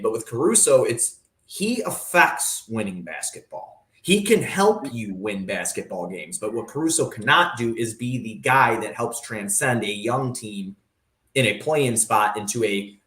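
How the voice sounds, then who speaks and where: A man talks as a guest on a sports radio show, opinionated and animated, piling up fillers as he argues his case. His voice sits at a middle pitch. The recording has a roomy, echoey sound. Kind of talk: sports talk radio discussion.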